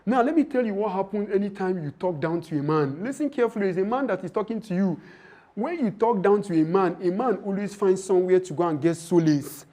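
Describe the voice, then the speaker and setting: A man's voice: high voice, fairly quick, mellow. A man giving a leadership and relationship training talk to women, preachy and emphatic, who acts out the lines of husbands and wives as he teaches.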